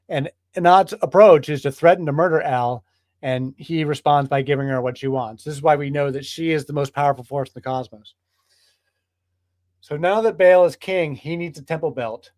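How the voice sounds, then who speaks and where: A man's voice: a little high, normal speed, darkish tone, no echo, studio quality. A man leading a bible study group in a casual lecture, speaking with enthusiasm and emphatic repetition. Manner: enthusiastic, emphatic, builds with repeated phrases.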